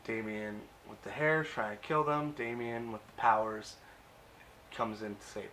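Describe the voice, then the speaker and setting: A man's voice: on the low side, steady tone, unhurried, bright, forceful tone, slight background noise. A man casually recapping and reviewing a TV episode, chatty and amused, with plenty of uh and um.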